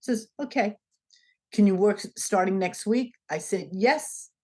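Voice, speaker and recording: A woman with a mid-range voice talks through a story from her past as an interview guest. She is animated and casual, and she slips into the voices of the people she describes as she goes. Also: mid-range voice, measured pace. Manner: animated, acts out the dialogue in her stories. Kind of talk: conversational storytelling.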